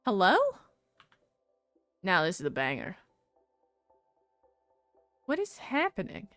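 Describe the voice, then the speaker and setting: A woman's voice: on the low side, huge pitch swings, slow, long pauses, fairly bright tone, dry recording, soft background music. A woman streamer chatting to herself casually and animatedly while she plays a game live.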